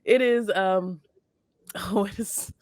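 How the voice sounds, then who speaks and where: A woman's voice: medium pitch, slow, darkish tone, no echo, clean studio sound. A young adult woman co-hosting a casual morning show, joking around with mock seriousness. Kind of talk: casual chat.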